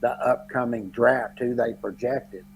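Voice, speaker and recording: A middle-aged man from Texas, co-hosting a casual sports chat and telling animated stories about football drafts. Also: medium pitch, a little slow, a little hiss or hum, rough recording. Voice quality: gravelly, husky. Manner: animated storyteller, quotes others in lively bursts. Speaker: podcast co-host.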